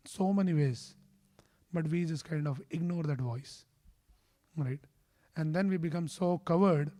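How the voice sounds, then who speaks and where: Man in a temple giving a sermon, slightly high, mellow tone, explains steadily and questions the listeners. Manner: chants Sanskrit verses. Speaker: temple speaker. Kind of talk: scripture class sermon. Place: temple hall.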